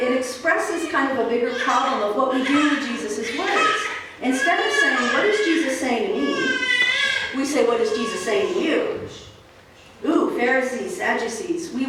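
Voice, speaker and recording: A woman pastor preaching a sermon in a relaxed, conversational storytelling way, with fillers. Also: high-pitched, background noise. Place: church sanctuary. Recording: echoey church hall from far off.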